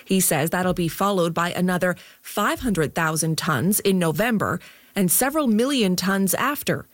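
A woman news anchor reading the headlines in a measured, formal way. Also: lowish voice, no echo. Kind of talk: radio newscast reading.

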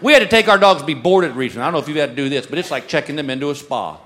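A married man doing a stand-up comedy routine, with a dry, deadpan delivery as he tells his stories. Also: on the high side, rapid-fire. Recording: live club audience noise. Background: audience laughter.

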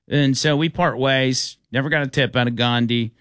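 A man's voice: medium pitch, normal speed, few pauses, clean tone, no echo, clean studio sound. A man hosting a radio talk show, telling a story casually and acting out the people in it. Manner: animated, acts out the people in his stories.

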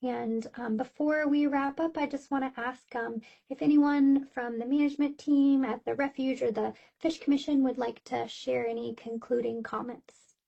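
A woman moderating a public hearing by teleconference, speaking in a measured way with frequent fillers. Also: high-pitched, steady tone, creaky, dark tone. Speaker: meeting facilitator. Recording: dull lo-fi call audio.

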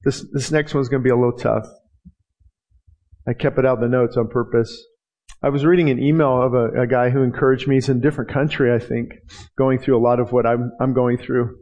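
A man's voice: mid-range voice, steady tone, brisk, a little mellow, highs cut off. A middle-aged man preaching a passionate sermon as pastor, acting out prayers and quotes and often restarting his sentences.

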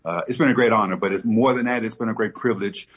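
A middle-aged man from Texas, a politician guesting on a radio show, speaking in a relaxed, folksy way with many fillers. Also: lowish voice, fast, husky. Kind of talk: radio interview.

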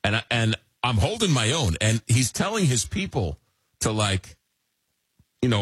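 Husky-voiced, rambling radio host. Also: male voice, medium pitch, measured pace, no room sound. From Long Island, New York. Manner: rambling, animated storytelling. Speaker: radio talk show host. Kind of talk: casual radio chat.

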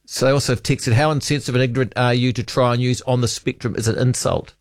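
A man's voice: medium pitch, fairly even intonation, fast talker, dry recording, clean studio sound. A man hosting talkback radio, chatting casually and reading out listener texts, often trailing off with hesitant ums.

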